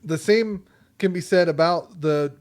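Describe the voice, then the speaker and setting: A man's voice: fairly high pitch, a little slow, darkish tone. A man in casual podcast chat, talking in a rambling, hesitant way as a game master. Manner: rambling, hesitant, frequent ums and restarts.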